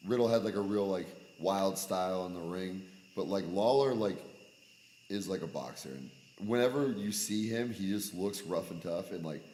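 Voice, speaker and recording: A young man co-hosting a casual podcast, telling wrestling stories in animated bursts. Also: sits low, big-room sound, slight background noise. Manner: animated storyteller, quick bursts when excited. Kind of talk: casual chat. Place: garage.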